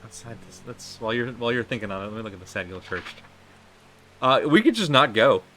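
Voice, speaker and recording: Bright-voiced male streamer thinking aloud. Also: mid-range voice, animated, fast, slight background noise. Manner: thinks aloud, asks viewers for input. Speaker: streamer playing a game. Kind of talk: live gameplay commentary.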